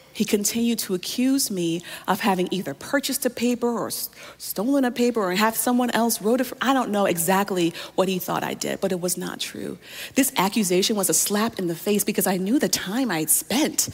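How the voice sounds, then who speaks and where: A woman's voice: mid-range voice, animated, moderate pace, breathy edge, in a large hall. A woman pastor preaching a sermon, telling a personal story and often speaking straight to her listeners.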